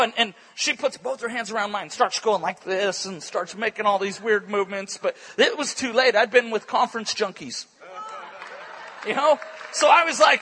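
A male preacher telling a story in an animated, excitable sermon at a church conference, breaking into bursts of shouting. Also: very high-pitched, slightly rough, low-quality recording.

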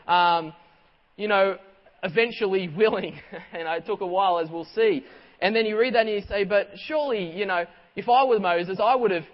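A man preaching a sermon as pastor, animated and conversational, often restarting his sentences. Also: high voice. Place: church hall. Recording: dull audio with long hall reverb.

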